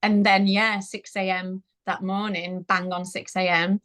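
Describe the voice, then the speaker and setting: A woman in her thirties, unhurried and level in tone, speaks with a medium-pitched, slightly bright voice. As a parenting-interview guest, she tells her birth story casually, often laughing as she goes.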